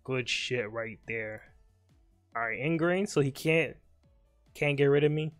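A man's voice: medium pitch, soft background music. A young man casually commenting on his own live game, joking and talking to his opponent. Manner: joking, talks to the opponent, quick mutters. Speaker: streamer.

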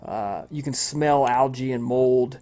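Man, game master, tabletop narration, hesitant filler-heavy delivery, mid-range pitch. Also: takes it slowly. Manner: relaxed, with frequent ums and uhs.

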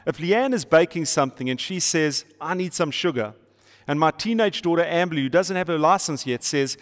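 A middle-aged pastor preaches with emphatic, repeated rhetorical questions and light playful asides. His voice sits fairly high for a man. A long reverb trails each phrase, as in a large church auditorium. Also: brisk. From South Africa. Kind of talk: sermon to an online audience.

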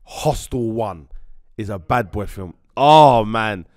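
A man's voice: fairly low pitch, takes it slowly, darkish tone, no room sound, clean studio sound. A man, voicing strong opinions in a casual group chat. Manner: assertive, opinionated. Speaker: podcast panelist.

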